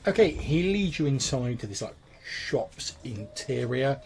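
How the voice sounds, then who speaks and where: A man's voice: medium pitch, animated, a little slow, vocal fry, darkish tone, slight background noise. A man acting as game master, narrating a tabletop game in a casual way with many fillers.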